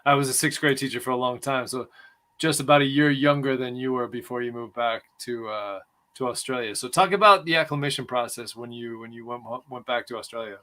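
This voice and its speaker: A man's voice: medium pitch, fairly quick, bright, forceful tone. Chatty man hosting a podcast. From United States. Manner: friendly, rambling questions, many restarts. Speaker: podcast host. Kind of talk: casual interview chat.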